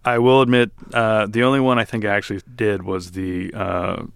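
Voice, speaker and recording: A man with a low, gravelly voice answers questions about his writing. He speaks haltingly and mocks himself a little. The recording is dry and close. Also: level tone, no echo. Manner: hesitant, halting, self-deprecating, with many fillers. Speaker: author and guest. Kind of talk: interview answers.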